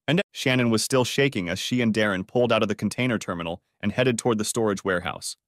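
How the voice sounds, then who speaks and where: A man's voice: fairly low pitch, fast, no echo. A man narrating a dramatic audiobook story in a scripted reading, on a close studio mic.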